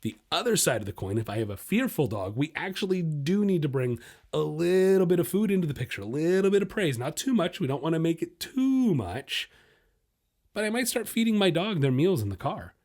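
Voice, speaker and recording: A man hosting a dog podcast, giving casual, blunt training advice and talking straight to his listeners. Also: fairly high pitch. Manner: blunt, animated, talks straight to listeners as "guys"; acts out a dog's inner voice in quick asides.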